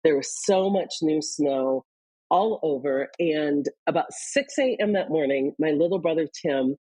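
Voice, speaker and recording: A woman from Iowa speaks as an interview guest in a low, husky, mellow voice. She tells personal stories candidly, moving between quick bursts and slower pauses. The sound is dry and close. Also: animated, dry recording, rough recording. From Iowa, US Midwest. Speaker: guest, leadership author.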